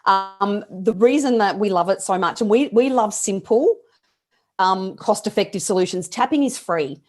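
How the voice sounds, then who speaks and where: A woman's voice: medium pitch, lively intonation, normal speed. Agreeable woman co-host. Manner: warm agreeing listener, easy laugh. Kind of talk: conversational parenting advice chat.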